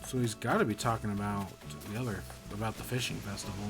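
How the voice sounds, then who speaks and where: A man's voice: on the low side, fairly even intonation, fast, music in the background. A man streaming a video game, chatting casually in rambling, self-correcting bursts. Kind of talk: casual gameplay commentary.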